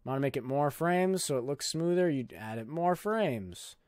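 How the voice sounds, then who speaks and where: A man's voice: fairly high pitch, expressive, moderate pace, a little mellow, dry recording, studio quality. A young man hosting a casual screen-recorded video editing tutorial, talking in a loose, jokey, filler-heavy way. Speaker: YouTube tutorial host.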